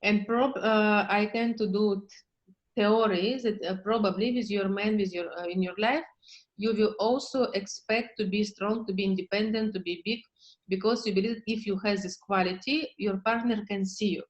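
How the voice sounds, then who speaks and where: A woman therapist coaching a client in slow, halting English with many fillers. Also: mid-range voice, fairly even intonation, lo-fi sound. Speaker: therapist leading a session.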